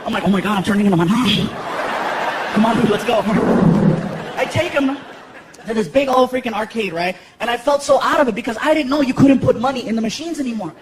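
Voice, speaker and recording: A man in his thirties telling stand-up stories on a live stage, animated and full of character voices. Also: extremely high pitch, fast. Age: 30s. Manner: animated, lots of character voices and shouted punchlines. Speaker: stand-up comedian. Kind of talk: stand-up comedy storytelling. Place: large theater stage. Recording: noisy live venue, echoey hall with loud crowd. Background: audience laughter and crowd noise.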